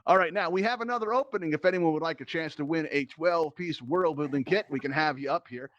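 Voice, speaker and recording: Fast-talking teasing male game show host. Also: fairly high pitch, fairly bright tone, dry recording, highs cut off. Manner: playful, teasing banter with contestants. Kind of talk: hosting a live virtual reality game show.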